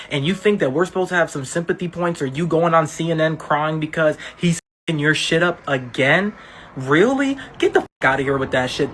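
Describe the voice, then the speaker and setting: A man with a slightly high voice rants with scorn and constant swearing. Faint noise hangs in the background of the recording. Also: a bit bright. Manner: heated, profane, scornful. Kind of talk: angry reaction rant.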